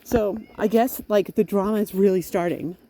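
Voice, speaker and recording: A woman's voice: medium pitch, fairly even intonation, normal speed, warm tone, slight background noise. A middle-aged woman vlogging outdoors while walking in the rain, talking into a phone in a frustrated, emphatic way. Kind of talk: walking vlog monologue.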